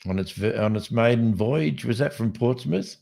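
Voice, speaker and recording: An Australian man hosting a casual late-night podcast, rambling and joking as he thinks out loud. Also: mid-range voice, animated, normal speed, vocal fry. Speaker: podcast host.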